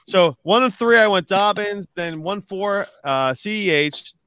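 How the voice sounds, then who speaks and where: A man's voice: high-pitched, animated, a little slow, a bit bright, clear, resonant tone, dry recording. A man in casual podcast chat, rambling with restarts and swearing freely. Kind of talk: casual fantasy football chat.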